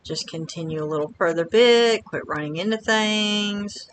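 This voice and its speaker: A woman quietly commenting to herself while streaming a video game. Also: medium pitch, moderate pace, a little hiss or hum. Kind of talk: casual gameplay commentary.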